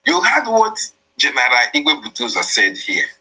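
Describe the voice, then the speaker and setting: A man's voice: medium pitch, huge pitch swings, normal speed, pushed and bright, breathy edge, rough recording. A man, hosting political commentary, who explains a played voice message emphatically and repeats his points. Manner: emphatic, repetitive, explains each line. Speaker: host interpreting a played voice message.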